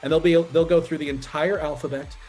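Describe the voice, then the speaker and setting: Upbeat high-voiced male improv host. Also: steady tone, brisk, a little mellow, faint music behind. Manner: upbeat, explains game rules, cues players by name. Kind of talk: live online improv hosting.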